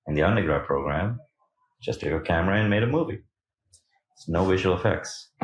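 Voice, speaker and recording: A man as a podcast guest, telling his own story candidly and animatedly, acting out what people said to him. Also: very deep voice. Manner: animated, acts out quoted lines, laughs between points. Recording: roomy echo.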